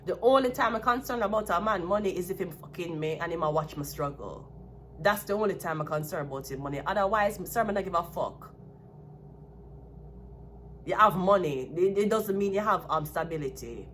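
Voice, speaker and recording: A woman's voice: lowish voice, animated, normal speed, a bit bright, a little hiss or hum. A woman with a Jamaican accent giving a solo tarot reading, talking bluntly and with plenty of profanity. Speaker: tarot card reader.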